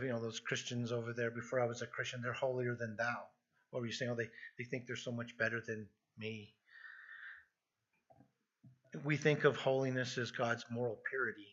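A man's voice: mid-range voice, fairly bright tone, breathy edge, muffled recording. A man preaching an earnest expository sermon, emphatic and prone to restarting his phrases. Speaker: pastor.

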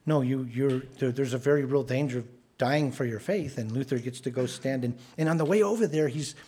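A man's voice: medium pitch, fairly quick, warm tone, breathy edge. A man preaching a sermon in an earnest, conversational way, often restarting his words.

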